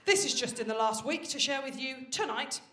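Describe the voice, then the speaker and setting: A woman performing a stand-up comedy set on stage, telling stories in a brash, animated way with plenty of swearing. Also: high voice, brisk. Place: stage of a live comedy venue. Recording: roomy live venue with faint noise. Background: audience laughter.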